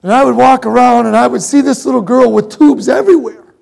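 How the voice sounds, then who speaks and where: A middle-aged man preaching a sermon, telling a personal story with emotion, moving between loud emphasis and hushed asides. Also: extremely high pitch, fairly even intonation, a little fast, creaky. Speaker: pastor.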